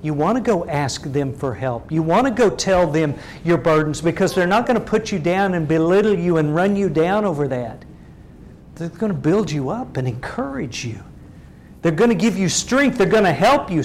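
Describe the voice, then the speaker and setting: Middle-aged male preacher, earnest and questioning, voice sits a little high, faint rumble behind. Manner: earnest, asks the congregation many direct questions. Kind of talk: sermon.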